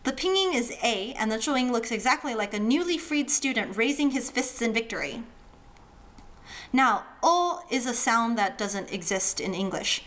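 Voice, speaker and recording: A woman's voice: on the high side, a bit bright. A woman teaching language pronunciation in a playful way, acting out sounds with funny imitations. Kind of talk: friendly explainer lesson.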